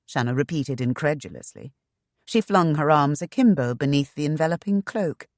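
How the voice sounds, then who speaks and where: A woman reading a historical romance novel aloud in measured, expressive narration. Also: low-pitched, dry recording, studio quality. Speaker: audiobook narrator. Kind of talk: scripted audiobook narration.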